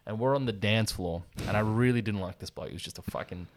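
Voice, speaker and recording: A man's voice: on the low side, fast talker. A young man with an Australian accent, chatting crudely and laughing as a podcast co-host. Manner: crude, laughing, animated storyteller. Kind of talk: casual chat.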